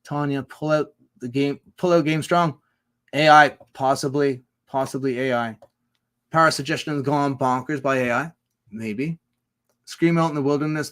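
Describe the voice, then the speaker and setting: A man's voice: mid-range voice, a bit bright. Male streamer host, loose and rambling, swears freely, riffs off chat, casual solo talk. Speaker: livestream host reading chat.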